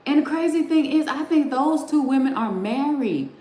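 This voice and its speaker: A woman's voice: sits high, lively intonation, moderate pace, dark tone. A middle-aged woman hosting a livestream, chatting casually and straight to her viewers, laughing often as she talks. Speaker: livestream host. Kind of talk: casual chat with live viewers. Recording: roomy sound with faint background noise.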